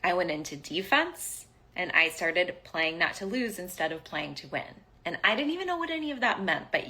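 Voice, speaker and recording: Podcast host, woman in her forties, bright and slightly low, candid storyteller. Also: moderate pace. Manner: candid, animated, swears casually. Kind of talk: personal storytelling.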